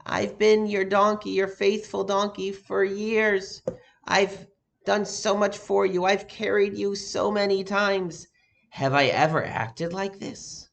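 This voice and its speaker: A loyal talking donkey pleads with his master in a raised, drawn-out voice, as a man puts him on. He sounds wounded and reproachful, stretching each line slowly. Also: high-pitched, steady tone, vocal fry, a bit bright, pitched above the performer's own voice, exaggerated voice. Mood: hurt, pleading. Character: faithful old male donkey, hurt and pleading.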